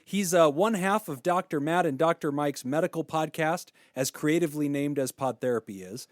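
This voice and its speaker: A man's voice: on the high side, moderate pace, no echo, clean studio sound. An American man co-hosting a podcast, joking and hamming through the guest introduction in casual banter. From United States. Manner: goofy, joking, hammy. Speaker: podcast co-host.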